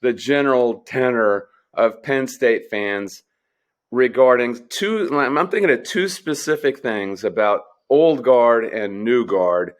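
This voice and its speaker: A man's voice: medium pitch, takes it slowly. A man co-hosting a sports podcast in casual chat, telling stories in a rambling way with frequent restarts. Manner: rambling storyteller with many restarts.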